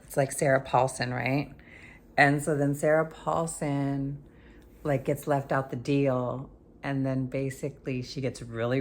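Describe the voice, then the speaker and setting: Low-voiced woman recapping a show, slangy. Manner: rambling and slangy, with many fillers. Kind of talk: casual spoken show recap.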